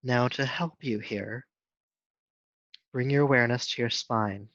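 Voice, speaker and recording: A man teaching a yoga class, giving calm, steady cues with soft hums between poses. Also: mid-range voice, unhurried, dry recording. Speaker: yoga instructor. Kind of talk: guided yoga class instruction. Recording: dull, dry sound.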